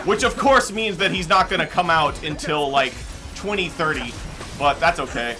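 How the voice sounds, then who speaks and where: Over music, a young game streamer talks in an expressive voice that's on the high side, at a normal speed. His casual chatter keeps drifting into tangents and is packed with "like" and "um."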